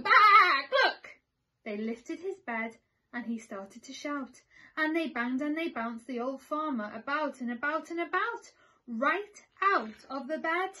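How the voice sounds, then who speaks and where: With a high-pitched voice, a teacher shares a picture book with kids, reading it aloud slowly and with lively, expressive delivery.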